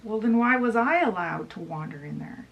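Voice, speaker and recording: A woman's voice: mid-range voice, lively intonation, moderate pace, vocal fry, distant mic, muffled recording. A woman putting on a fawning pirate captain. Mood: ingratiating. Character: lonely, scheming young pirate captain, male.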